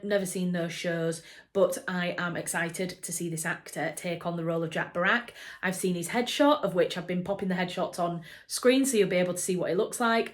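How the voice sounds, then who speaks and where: An eager woman from England talks casually to her viewers, her voice sitting a little low. She rambles with fillers and self-corrections, sounding like an informal vlog. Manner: chatty and enthusiastic, with fillers and restarts. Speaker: book vlogger. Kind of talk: casual chat to camera.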